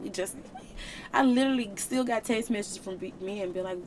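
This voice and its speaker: A woman's voice: medium pitch, quick pace, warm tone, slight background noise. Earnest woman podcaster preaching. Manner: earnest, preaching, emotional, colloquial. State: tearful at times. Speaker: podcast host. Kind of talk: faith testimony podcast.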